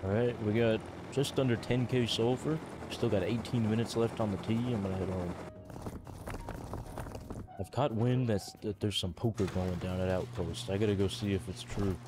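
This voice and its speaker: A man's voice: fairly low pitch, steady tone, a little fast, few pauses. A man narrating his own gameplay in a dry, matter-of-fact way. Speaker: streamer narrating his run. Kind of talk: casual gaming narration. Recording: game noise and gunfire behind.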